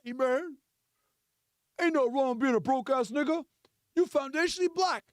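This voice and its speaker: A man's voice: very high voice, moderate pace, dry recording, clean studio sound. A man impersonating a preachy male livestream commentator with drawling reassurance.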